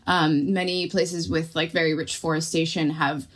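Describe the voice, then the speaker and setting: A woman's voice: deep voice, steady tone, moderate pace. A woman, a guest author and blogger, explaining a point in casual conversation.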